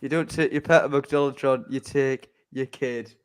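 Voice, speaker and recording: A man's voice: medium pitch, steady tone, moderate pace, clean tone. A man with a Geordie accent, co-hosting a casual live stream chat and teasing his friends. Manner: playful, teasing. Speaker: co-host.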